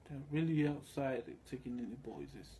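A male vlogger tells a rambling, crude story casually, wandering from point to point and acting out the other people in it by quoting their voices. His mellow voice is medium-pitched and moderately paced, with a little hiss or hum in the recording.

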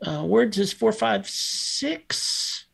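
A woman playing a tabletop game, speaking in a practical, lively way. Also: medium pitch, drawn-out words, vocal fry, slightly rough. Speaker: player.

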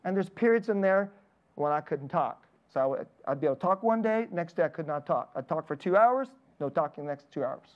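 A man's voice: on the high side, animated, a little fast, dull audio. Man preaching a personal, story-driven sermon. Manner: personal storytelling with frequent laughs. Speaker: pastor.

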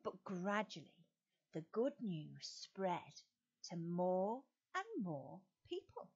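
Slow, sing-song English woman teaching children. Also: on the low side, sing-song, a little mellow, slightly rough, highs cut off. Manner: slow, sing-song quizzing with exaggerated rises. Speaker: Sunday school leader. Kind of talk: children's lesson, storytelling.

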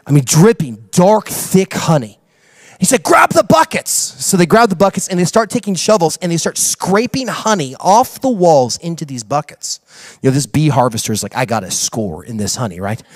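Man, pastor, sermon storytelling, high voice, very lively, dry sound. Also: moderate pace, no room sound. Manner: animated storyteller acting out dialogue, rising to excited preaching. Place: church.

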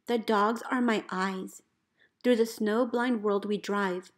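Woman reading a storybook aloud, expressive. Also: mid-range voice, slow. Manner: expressive, calls out dog commands loudly. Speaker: teacher reading a picture book aloud.

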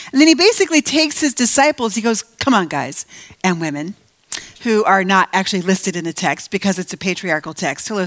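A woman giving a conversational Bible teaching at a live event, emphatic and animated, slowing down to stress her points. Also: fairly high pitch. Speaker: guest speaker at a faith event. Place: live event venue before an audience.

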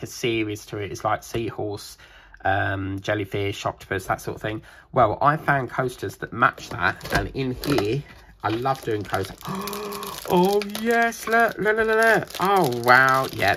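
A man with a British accent, chatting casually as he unboxes crafting kits for his channel, rambling and getting excited. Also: medium pitch, gravelly, slight background noise. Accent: British English.

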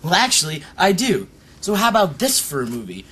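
Mocking young man, high and lively. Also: brisk. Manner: mocking and dismissive, lively storytelling. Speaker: comedy sketch performer. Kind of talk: improvised comedy skit.

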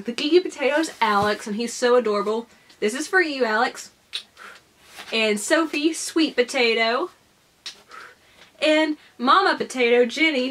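Bubbly high-voiced young woman vlogger. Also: fairly bright tone, a little hiss or hum. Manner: bubbly and gushing, giggly. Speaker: YouTuber opening a fan package. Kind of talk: casual vlog chat.

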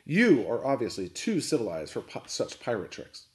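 A man's voice: mid-range voice, wildly swooping pitch. Man doing a prim, polite butler. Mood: courteous. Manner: formal, courteous, quick speech. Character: polite, unflappable adult male butler.

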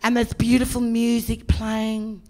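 A woman's voice: on the high side, unhurried, very noisy. Brash Australian woman comic. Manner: brash, profane, animated storytelling. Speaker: stand-up comedian. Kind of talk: stand-up comedy storytelling.

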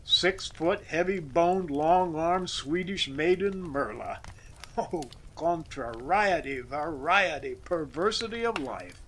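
A man narrating a classic story as an audiobook reader, expressive and measured. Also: on the high side, slight background noise, low-quality recording.

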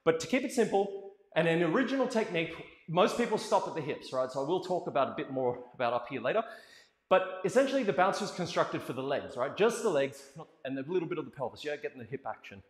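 A man's voice: a little high, very animated, fast. A middle-aged man teaching a live dance lesson, coaching with energy and calling out counts and step names. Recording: echoey hall with music playing.

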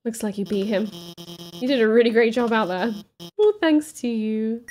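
A woman voicing a nervous, shy female lizard scientist in a video game, talking in halting, heartfelt bursts. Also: a little high, darkish tone, soft background music, close to an everyday voice.

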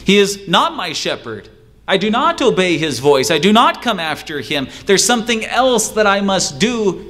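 A pastor preaching a sermon, driving home points with repetition and rhetorical questions, sometimes mimicking excuse-makers. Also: male voice, very animated, a bit bright. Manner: acts out excuse-makers in a higher, quicker voice.

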